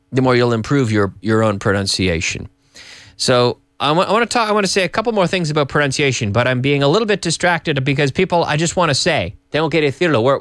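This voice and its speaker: A man hosting a live English lesson from an office, explaining pronunciation in an animated, repetitive way and slipping in Spanish phrases. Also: medium pitch, dry recording, clean studio sound. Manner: animated, repeats and restarts, slips in Spanish phrases. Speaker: English teacher and show host.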